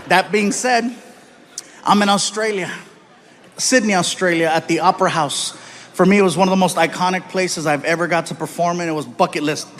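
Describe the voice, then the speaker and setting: Brief: a high-pitched American comedian, lively storytelling, faint background hum. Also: male voice. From United States. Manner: animated, acts out voices, swings between loud and soft. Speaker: stand-up comedian. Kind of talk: stand-up storytelling. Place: live comedy stage.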